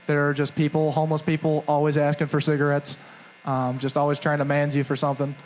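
A man's voice: a little high, monotone, fast talker, a little mellow, slight background noise, low-quality recording. Rambling young man telling a story. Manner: rambling, self-mocking, acts out quotes. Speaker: podcast co-host. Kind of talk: live comedic storytelling. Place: live stage before a crowd.

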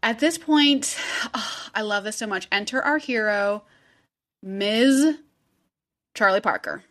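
A woman's voice: mid-range voice, slow, fairly bright tone. A woman co-hosting a casual podcast, retelling a story in a chatty way with lots of "like" and acted-out quotes. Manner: chatty storyteller, heavy 'like', acts out quotes, laughs often. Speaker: podcast co-host telling the story. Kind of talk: casual true-crime chat.

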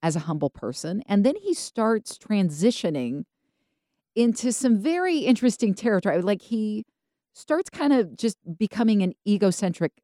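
A woman co-hosting a podcast, telling Bible stories casually and acting out the characters in quick voices. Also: mid-range voice, no echo, clean studio sound. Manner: animated storytelling, acts out biblical characters in quick voices. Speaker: podcast co-host.

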